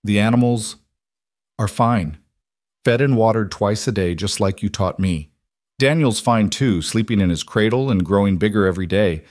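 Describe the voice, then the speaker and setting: A man's voice: on the low side, normal speed, a little mellow, no room sound, studio quality, natural voice. A man voicing a determined frontier wife who pleads fiercely and speaks tenderly to her husband in a storybook.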